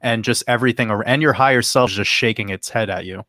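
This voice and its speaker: A man talking as a guest on a casual crypto livestream, measured and reflective, with a slightly preachy tone. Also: medium pitch, bright, forceful tone, no echo, studio quality.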